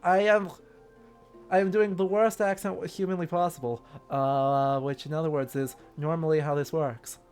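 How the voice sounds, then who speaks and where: A man's voice: on the high side, flat delivery, normal speed, a little mellow, faint music behind. A man streaming a game live, cracking jokes and making scattered asides between reading lines.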